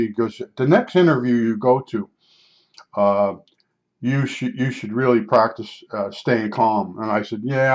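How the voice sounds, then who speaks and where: Older man telling a rambling story. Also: medium pitch. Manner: rambling, repeats himself, many fillers. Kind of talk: casual storytelling. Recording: slightly dull lo-fi sound.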